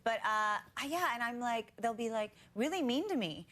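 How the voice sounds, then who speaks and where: A woman guest on a late-night talk show, telling animated, giggly anecdotes. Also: fairly high pitch, normal speed. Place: television studio with a live audience. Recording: studio audience noise.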